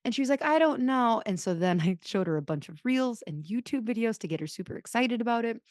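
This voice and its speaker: A woman's voice: mid-range voice, animated, fast talker, darkish tone, dry recording, studio quality. A woman in her thirties hosting a podcast, telling stories in a rambling, self-deprecating casual chat. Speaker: podcast host.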